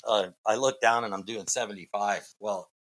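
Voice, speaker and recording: A man's voice: fairly low pitch, steady tone, moderate pace, fairly bright tone. Rambling man telling a road story. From Massachusetts. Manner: rambling, many fillers and restarts. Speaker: guest. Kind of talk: casual storytelling.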